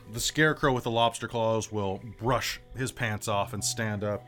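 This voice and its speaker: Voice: mid-range voice, measured pace, a bit bright, faint music behind. An American game master narrating a tabletop game in a loose, rambling way with many fillers and self-corrections. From United States.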